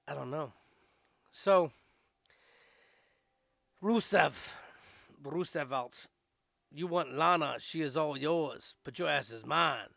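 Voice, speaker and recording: A man with a fairly high voice talks through a casual wrestling recap, rambling along with fillers and quick asides. The sound is dry and close, with no room around it. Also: fairly bright tone, no echo. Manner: chatty, loose, lots of fillers and asides. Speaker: podcast host.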